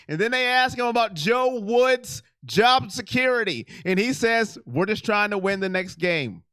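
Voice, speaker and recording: A man's voice: very high voice, clear, resonant tone, dry recording, clean studio sound. A middle-aged man hosting a casual sports live stream, chatting and reading viewer comments aloud. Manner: animated, reads chat aloud and reacts.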